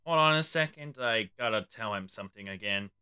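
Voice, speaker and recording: A man's voice: lowish voice, lively intonation, fairly quick, sharp tone, smooth. A man hosting his own show in casual livestream chat, rambling and offhand, sometimes stumbling over his words. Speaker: host.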